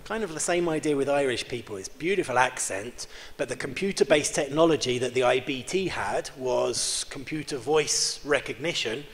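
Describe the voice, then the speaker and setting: A man giving an interactive keynote lecture in a large conference hall, joking and quizzing the audience with quick questions. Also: mid-range voice, lively intonation. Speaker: keynote speaker. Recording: reverberant hall with faint background hum.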